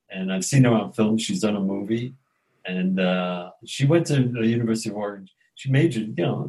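Older man with a lowish rambling voice. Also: a little mellow, rough recording. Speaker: guest actor. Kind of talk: casual chat.

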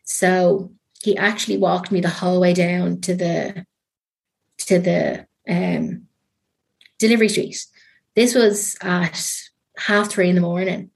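A woman's voice: fairly low pitch, steady tone, slow, creaky, darkish tone. An Irish woman telling a personal story as an interview guest, chatty and full of ums and likes. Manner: chatty, many ums and likes, trailing fillers.

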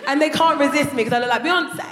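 A young woman performing a loud, brash stand-up comedy routine on a theatre stage, breaking into shouts as she tells her story. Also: high-pitched, quick pace, very noisy. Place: theatre stage before a live audience. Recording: echoey hall with loud audience laughter.

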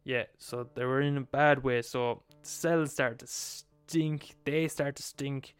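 A man's voice: medium pitch, fairly even intonation, slow, smooth, faint music behind. A young man retelling a story in a casual, profane way, acting out quotes as he goes. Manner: profane, swears freely, acts out quotes.

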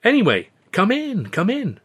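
A man reading the lines of a friendly, long-suffering old company manager in a storybook, brisk and chummy. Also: mid-range voice, expressive, a bit bright. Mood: cheerful. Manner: brisk and chummy, sighing at the boss.

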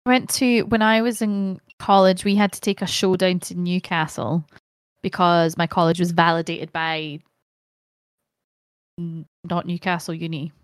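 A young Scottish woman, a podcast guest, chatting casually and telling animated stories with the odd swear word. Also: lowish voice, unhurried, smooth, dry recording, studio quality. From Scotland. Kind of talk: casual chat.

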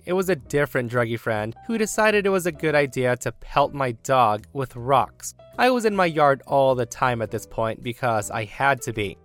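Smooth-voiced man narrating a revenge story. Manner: storytelling with emphatic swings in pitch and loudness. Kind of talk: reading a first-person revenge story.

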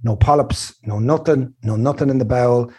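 A man's voice: medium pitch, normal speed, husky. A middle-aged man with an Irish accent, chatting casually as a host and telling a story with lots of swearing and acted-out voices. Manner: animated storyteller, swears freely, acts out other voices. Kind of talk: casual chat.

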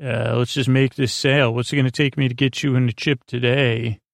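A man's voice: mid-range voice, flat delivery, a little fast, gravelly, dry recording, studio quality, close to an everyday voice. A pushy saleswoman clerk, as a man puts her on. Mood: salesy. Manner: dismissive, salesy. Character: pushy woman office clerk making a sale.

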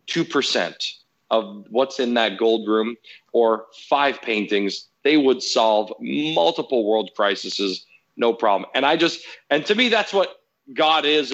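A man's voice: mid-range voice, a bit bright, muffled recording. A man in casual podcast chat, telling a story as a heated, profane rant.

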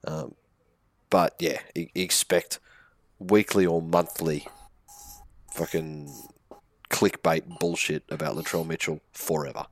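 A blunt man with a very deep voice, giving strong opinions on a sports podcast and swearing freely. The sound is dry and close to the mic, with no room around it. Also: fairly even intonation, takes it slowly, pauses often, no echo. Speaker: podcast co-host. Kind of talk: casual sports podcast chat.

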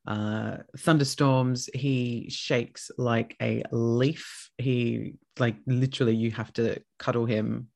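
A man hosting a casual chat, telling lively stories with plenty of swearing. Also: medium pitch, takes it slowly, vocal fry, few pauses. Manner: chatty, swears freely, tells animated stories.

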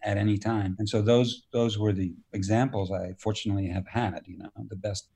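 A man in his sixties with a fairly low voice tells stories from his film career at an easy pace. He slips into the voices of people he quotes and now and then swears lightly. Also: steady tone, brisk, dark tone, husky. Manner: storytelling, acts out quoted dialogue, mild profanity. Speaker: actor and director, guest. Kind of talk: relaxed anecdotal interview talk.

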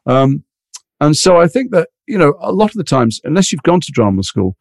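An English man from Liverpool with a mixed British accent, an actor chatting in an interview in a rambling, animated way. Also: on the high side, gravelly, no room sound, clean studio sound. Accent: mixed British, mild Liverpool and London traces. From England, Liverpool. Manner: fast, rambling, animated storytelling. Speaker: actor, guest. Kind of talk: casual interview chat.

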